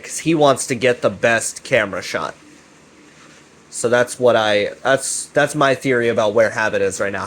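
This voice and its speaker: A man giving a casual, rambling recap of a web series. He is excitable and profane, repeats himself, and keeps checking in with "right?". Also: medium pitch. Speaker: YouTube commentator.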